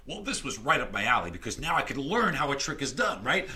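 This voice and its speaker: A middle-aged man as a podcast guest, telling stories in a lively, animated way that grows loud and excited. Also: mid-range voice, fast talker, few pauses. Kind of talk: casual interview storytelling.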